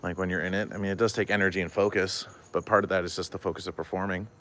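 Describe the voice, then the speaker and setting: Deep-voiced man rambling on a livestream. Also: flat delivery, racing, bright, forceful tone, a little hiss or hum. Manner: rambling, many fillers, reads and answers chat. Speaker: comedian streamer. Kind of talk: casual livestream chat.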